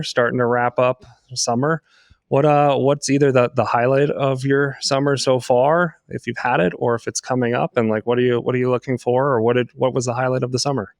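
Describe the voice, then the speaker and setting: A man's voice: medium pitch, no echo, studio quality. A man hosting a casual panel chat, asking loose, rambling questions full of fillers. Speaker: podcast host and moderator.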